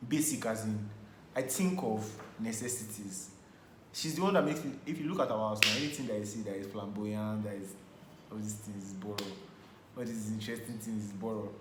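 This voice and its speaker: A young man casually telling his side of a couple's argument, expressive with bursts of laughter. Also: on the low side, fairly quick. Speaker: co-host of a couples channel. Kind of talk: casual chat. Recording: echoey room with faint hum.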